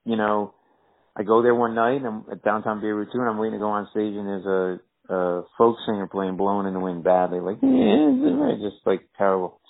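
A man with a fairly low voice tells stories in a podcast interview. He is animated and jumps into higher voices to act out the people he quotes. The sound is thin and tinny, like a phone line. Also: a little fast. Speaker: comedian guest.

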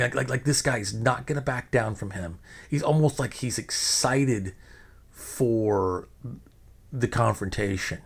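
A man hosting a podcast, telling a long story in a rambling way, full of fillers and restarts. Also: mid-range voice. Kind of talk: casual storytelling.

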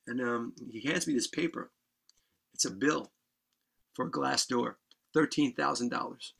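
A man guest on a podcast, telling a wild story in a casual, animated way, swearing and laughing as he goes. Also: medium pitch, measured pace, gravelly, pauses often, slightly rough.

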